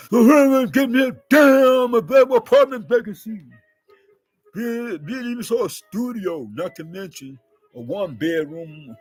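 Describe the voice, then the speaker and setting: A man vlogging in a rambling monologue, with theatrical mock sobbing. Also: sits high.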